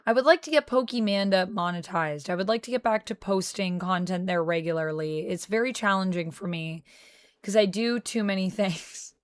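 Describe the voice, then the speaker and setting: A woman's voice: mid-range voice, normal speed, no echo, clean studio sound. A woman streamer chatting casually on a livestream, reading viewer comments aloud and answering them, at times in a playful mock French Canadian accent.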